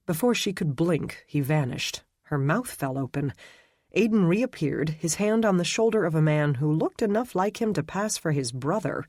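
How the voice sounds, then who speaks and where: Audiobook narrator, man, steady telling, very dry close sound. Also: fairly high pitch, no echo. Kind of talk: scripted narration.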